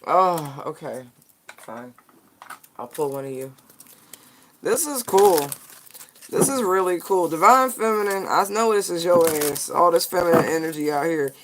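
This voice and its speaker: Slangy, animated tarot reader. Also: medium pitch, measured pace, long pauses, slight background noise. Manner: animated, slangy and profane, talks straight to viewers. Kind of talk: casual spiritual card reading to viewers.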